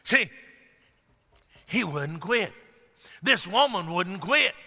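A man preaching a sermon with emphasis, now and then rising to a shout and putting questions to the congregation. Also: high-pitched, expressive, slow. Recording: echoey hall with long reverb.

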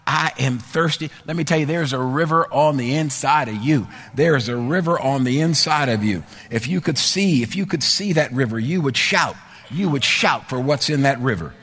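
A man preaching a sermon to a congregation, with rhythmic repetition that rises to shouted, sing-song peaks. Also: mid-range voice, expressive, normal speed, slightly rough, big-room sound. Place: church sanctuary.

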